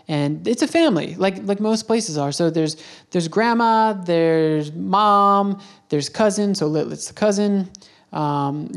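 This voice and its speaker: A man's voice: a little high, a little mellow. A man hosts a podcast and tells a travel story in an easygoing, conversational way. He rambles, backs up and corrects himself as he goes. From United States. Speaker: podcast host.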